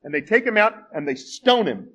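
A man's voice: high-pitched, very animated, a little fast, a bit bright, slightly rough, poor audio. A man in his forties preaching a sermon as pastor, telling the story with self-deprecating humor.

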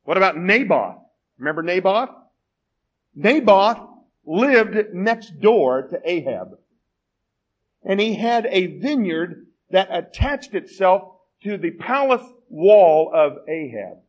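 A man's voice: sits high, lively intonation, takes it slowly, muffled recording. A man in his forties preaching a sermon as pastor, telling the story with self-deprecating humor.

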